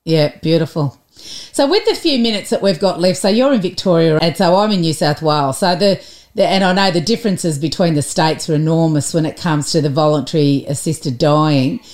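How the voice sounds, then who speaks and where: Australian woman podcast host, lower register, affirming chatty delivery. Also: brisk, darkish tone. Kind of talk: podcast interview.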